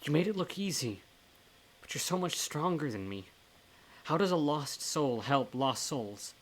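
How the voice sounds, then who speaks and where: A man's voice: fairly high pitch, lively intonation, measured pace, voice pushed up. Male reader voicing a worn-down blind man, self-doubting, in a horror novel reading. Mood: despondent.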